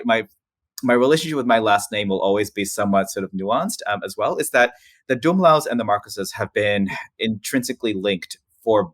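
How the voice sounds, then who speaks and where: A man in his forties from the Philippines, a podcast guest telling personal stories in a lively, restart-filled way with frequent laughs. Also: on the low side, no echo. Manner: animated, laughs often, many restarts. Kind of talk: casual storytelling interview.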